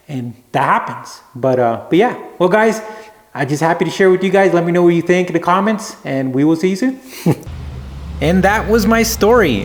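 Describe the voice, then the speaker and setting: A man telling a rambling, relaxed anecdote to camera as a vlogger. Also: medium pitch, reverberant. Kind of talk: casual storytelling to camera.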